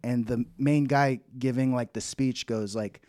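A man's voice: mid-range voice, fairly even intonation, unhurried, dark tone, no room sound, clean studio sound. A man co-hosting a podcast in casual chat who rambles, restarts his sentences and laughs often. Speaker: podcast co-host.

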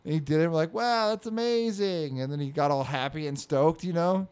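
A man's voice: on the high side, fairly even intonation, fast talker, a little mellow, clear, resonant tone. Rambling man telling a story. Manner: rambling, filler-heavy, acts out quotes in a raised voice. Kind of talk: casual chat.

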